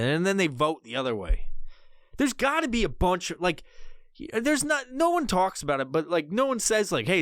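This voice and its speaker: Male podcast host, fairly high voice, rambling profane rant, dry close headset mic. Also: a bit bright, no echo. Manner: profane, rambling, lots of restarts.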